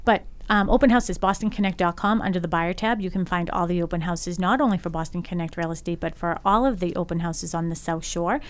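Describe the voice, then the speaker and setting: A woman hosts a casual radio talk show with a smooth, resonant voice. Her delivery is chatty and upbeat. She often pauses on an "um" before going on. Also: lowish voice. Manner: chatty, upbeat, frequent ums.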